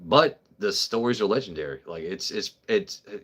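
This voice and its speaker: A man with a notably low voice chats loosely on a livestream. He rambles from story to story, swears freely and answers viewers by name in a joking, offhand way. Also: lively intonation, moderate pace, fairly bright tone. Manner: profane, joking, talks to chat by name. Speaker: livestream host. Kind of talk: casual rambling livestream chat.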